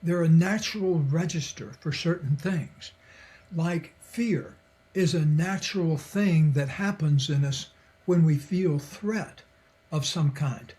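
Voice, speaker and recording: A man's voice: a little high, slow, warm tone. Older man telling stories with chuckles. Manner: reflective, chuckles often, acts out quoted voices. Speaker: podcast guest, psychologist and author. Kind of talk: relaxed conversational storytelling.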